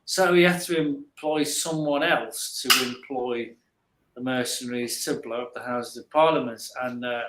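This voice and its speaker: A man's voice: medium pitch, normal speed, fairly bright tone, roomy sound, a little hiss or hum. A man, rambling through a story in casual live chat and repeating his words.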